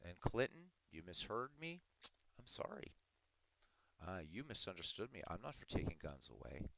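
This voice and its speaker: Male streamer, very low voice, dry close mic, earnest and argumentative with viewers. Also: huge pitch swings, moderate pace, gravelly, fairly bright tone, dry recording, poor audio. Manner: earnest, argumentative, addressing chat by name. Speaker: livestream host talking to chat. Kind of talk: casual live-stream commentary.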